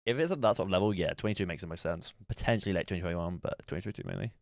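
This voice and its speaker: Low-voiced man musing through a livestream. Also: very fast, a little mellow, no echo, studio quality. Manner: musing aloud while playing a guessing game. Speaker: streamer. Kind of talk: casual livestream chat.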